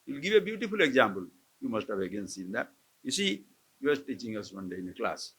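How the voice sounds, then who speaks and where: A man's voice: mid-range voice, sing-song, fast talker, a bit bright, breathy edge. A man, a swami giving a live spiritual discourse to a camp audience, questioning his listeners and chuckling often. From India. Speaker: swami teaching scripture. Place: lecture hall at an ashram camp.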